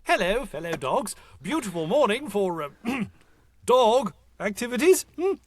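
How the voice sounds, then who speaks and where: A man playing a tiger who tries to blend in at a dog park: raised and sing-song, genteel and chummy, with a formal, courteous turn of phrase. It is an improvised comedy script read with a lively, bouncing pitch. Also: a little slow, slight background noise. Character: polite tiger posing as a dog.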